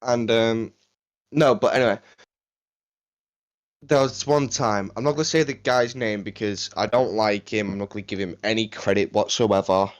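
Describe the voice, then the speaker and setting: Laid-back young man, lowish voice. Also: fairly even intonation, moderate pace, highs cut off. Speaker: podcast co-host. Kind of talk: casual chat.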